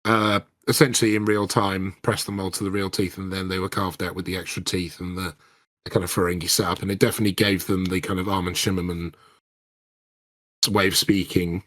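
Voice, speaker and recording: A man co-hosting a podcast, chatting casually and animatedly, quick to joke. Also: deep voice, flat delivery, a bit bright. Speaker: podcast co-host. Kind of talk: casual chat.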